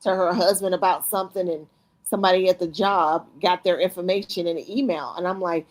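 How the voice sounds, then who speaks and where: Animated woman chatting on a live stream. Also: fairly low pitch, fairly quick. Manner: acts out her own reactions in quoted asides. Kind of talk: animated casual chat.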